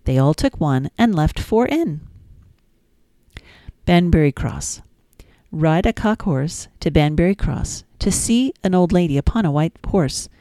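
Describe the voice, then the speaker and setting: A woman's voice: sits low, animated, unhurried, mellow, no room sound. A woman hosting a children's podcast, reading nursery rhymes in a sing-song, playful way with little asides.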